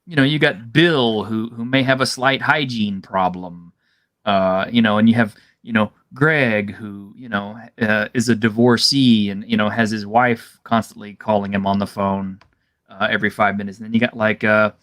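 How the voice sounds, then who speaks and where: A man's voice: on the low side, steady tone, moderate pace, a bit bright. A man co-hosting a casual discussion over a video call, rambling and filling his talk with "you know". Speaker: co-host.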